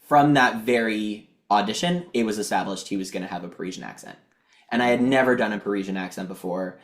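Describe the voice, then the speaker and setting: A Canadian man in his thirties, guesting on a podcast, talking in an animated way and laughing often. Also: fairly low pitch, fast, roomy sound. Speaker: guest actor. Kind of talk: casual interview chat.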